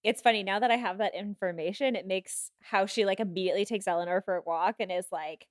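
Woman podcast guest, mid pitch, dry mic; rambling casual talk full of fillers. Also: steady tone, fast, few pauses, no echo. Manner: rambling, heavy use of "like". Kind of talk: casual chat.

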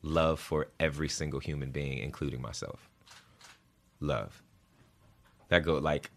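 Guest, male, 30s, deep low voice, earnest, repeats for emphasis. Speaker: guest, actor and singer. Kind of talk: interview conversation.

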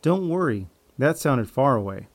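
A man's voice: mid-range voice, big pitch swings, normal speed, no echo. A man voicing a manipulative male raider in an audio drama, falsely friendly and then arrogant and threatening. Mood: defensive, casual. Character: smug, deceitful male raider, manipulative and menacing.

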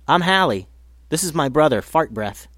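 A man voicing a cheeky girl who teases her brother, in a bright, bouncy voice. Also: a little high, big pitch swings, moderate pace, dry recording, clean studio sound, pitched above the performer's own voice. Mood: playful.

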